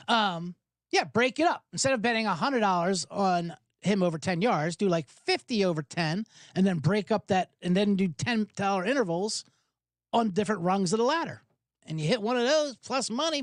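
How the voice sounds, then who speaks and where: A man's voice: sits high, no room sound, clean studio sound. A man hosting a sports betting podcast, talking in a hyped, rambling way, swearing and spinning jokey analogies. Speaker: podcast host.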